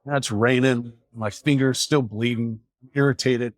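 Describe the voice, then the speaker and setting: A man's voice: mid-range voice, steady tone, a little slow. A man, a police officer, telling a wry story casually and slipping into other voices when he quotes people. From Seattle area.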